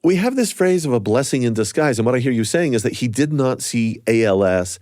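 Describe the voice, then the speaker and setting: A man hosting a radio interview, speaking in a thoughtful, gentle and measured way. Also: medium pitch, big pitch swings, no room sound, clean studio sound. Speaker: host.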